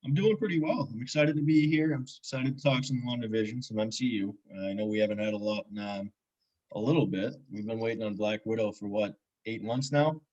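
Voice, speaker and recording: A man co-hosting a casual recap chat, easygoing, with halting restarts. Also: fairly low pitch, darkish tone, lo-fi sound. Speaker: co-host.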